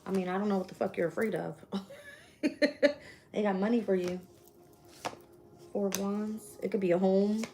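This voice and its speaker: A woman's voice: medium pitch, normal speed, long pauses, mellow, a little hiss or hum. A woman doing a casual live-stream tarot reading, blunt and swearing freely as she thinks aloud and names each card she draws. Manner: shuffles and names cards aloud. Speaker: tarot reader.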